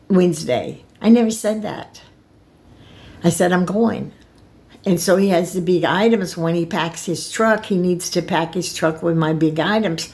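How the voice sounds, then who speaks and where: An older woman telling a personal story on her vlog, rambling and emotional, with halting restarts. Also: fairly low pitch, darkish tone. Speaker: vlogger.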